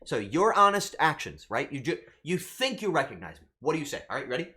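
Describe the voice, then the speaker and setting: Slightly high-voiced guy streaming, animated, swears a lot, chatting right at his viewers. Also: brisk, slightly rough. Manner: animated, rambling, swears freely, talks straight to chat. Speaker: VTuber streamer. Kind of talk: casual storytelling to live chat.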